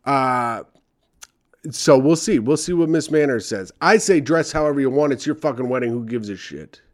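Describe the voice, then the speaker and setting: A man's voice: mid-range voice, lively intonation, moderate pace. A young man reading advice letters aloud and ranting about them with sarcastic, profane commentary. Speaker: comedy podcast host reading advice columns.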